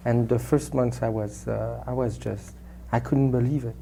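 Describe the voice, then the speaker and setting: A man with a French accent, a native French speaker raised in Switzerland, answering interview questions in a halting way with many restarts and fillers. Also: medium pitch, fairly even intonation, vocal fry, warm tone, slight background noise. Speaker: actor, interview guest.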